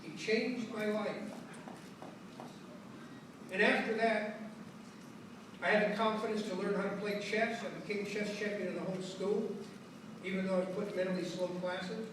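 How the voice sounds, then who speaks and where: An older man tells stories from his life to an audience, acting out each character and slipping in Spanish phrases. His voice sits fairly high for a man. He is recorded from far off in a very echoey hall, with clear background noise. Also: normal speed, pauses often. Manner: animated storyteller, acts out voices and mixes in Spanish phrases. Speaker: author giving a lecture. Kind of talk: storytelling lecture. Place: lecture hall.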